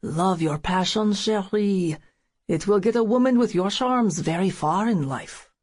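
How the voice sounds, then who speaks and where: A smarmy, entitled rich European businessman oozes condescension in a husky, breathy tone, as a woman narrator puts him on. The audiobook reading stays at a middling pitch, smooth and ingratiating. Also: a little slow, darkish tone, no echo, studio quality, close to an everyday voice. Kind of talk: audiobook character voice.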